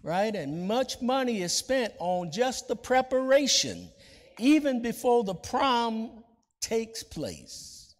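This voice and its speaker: A man preaches from the pulpit at an unhurried pace, his fairly high voice swinging widely in pitch. He leans on key words and stretches them out. The sound carries a long reverb from a large church space. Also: big pitch swings. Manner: deliberate preaching cadence, drawn-out emphatic words. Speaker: pastor. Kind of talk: sermon.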